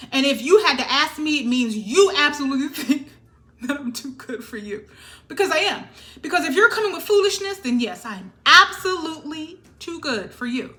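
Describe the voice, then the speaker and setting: A tarot reader offers a spiritual reading to her viewers, her high voice pushed and bright. She's emphatic and sassy, constantly checking in with "all right?"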